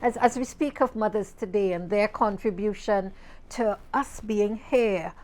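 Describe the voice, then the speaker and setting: A middle-aged woman co-hosting a podcast, speaking in a measured, thoughtful way with many pauses. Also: mid-range voice, a little mellow. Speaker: podcast co-host. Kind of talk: casual chat.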